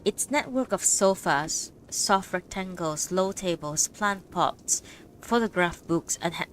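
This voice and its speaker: Woman reading an audiobook. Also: on the low side. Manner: measured reading. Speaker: audiobook reader. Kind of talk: audiobook narration.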